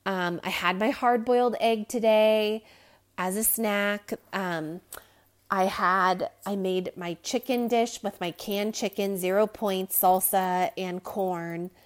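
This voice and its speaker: A woman's voice: medium pitch, fairly even intonation, slow, clear, resonant tone. A woman hosting a podcast, talking to listeners in a candid, rambling personal monologue with frequent fillers and small laughs. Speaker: podcast host.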